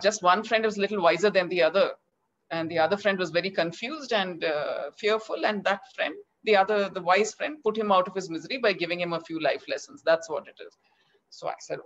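Animated Indian woman telling a story. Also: fairly low pitch, brisk. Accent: Indian English. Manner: animated, acts out quoted dialogue. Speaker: children's author. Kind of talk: interview storytelling. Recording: slightly dull lo-fi audio.

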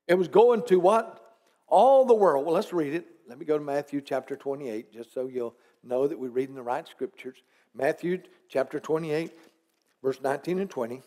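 A man's voice: fairly high pitch, warm tone. A man pastor preaching a conversational sermon in church, asking the congregation rhetorical questions and dropping teasing asides.

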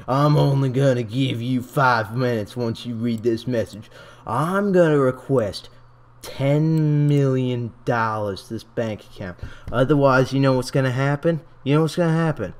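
Man doing a threatening prank caller, louder, demanding, repeats himself. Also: medium pitch, normal speed, lightly acted. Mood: menacing. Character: menacing male extortion caller. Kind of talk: prank voicemail.

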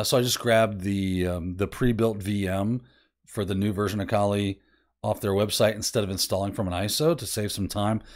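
A man hosting a casual screen-share software demo, rambling and self-deprecating as he thinks aloud. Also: medium pitch. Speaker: host.

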